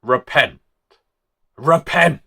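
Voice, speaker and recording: A man voicing a fiery male evangelical preacher who exhorts sinners to repent in booming, drawn-out cries. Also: bright, forceful tone, breathy edge, full character voice. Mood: thundering.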